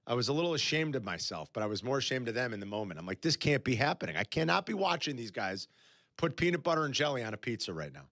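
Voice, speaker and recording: A man's voice: medium pitch, very animated, fast talker, fairly bright tone, no room sound. A man on a sports radio show tells a story with a voice that rises and falls widely, swinging into exclaimed disbelief. The studio sound is close and dry, with no room around him. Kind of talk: casual sports talk. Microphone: studio microphone.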